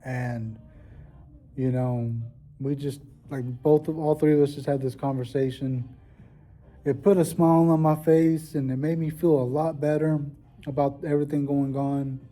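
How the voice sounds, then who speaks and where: A man's voice: on the high side, fairly even intonation, moderate pace, warm tone. A man talking casually in a vlog, rambling and heartfelt, with lots of fillers. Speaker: vlogger. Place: at work.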